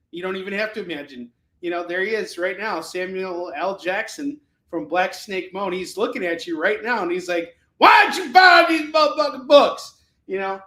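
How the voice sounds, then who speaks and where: A man hosting a live comic sales show, calling prices and boasting jokingly about his pitches. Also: pushed and bright, roomy sound. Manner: boastful, joking, rapid item calls.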